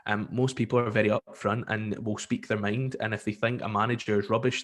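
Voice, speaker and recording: A man with a Scottish accent, a radio presenter chatting as a podcast guest, telling lively stories and acting out callers. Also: fairly low pitch. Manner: lively storyteller, acts out callers, many fillers. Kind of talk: casual podcast interview.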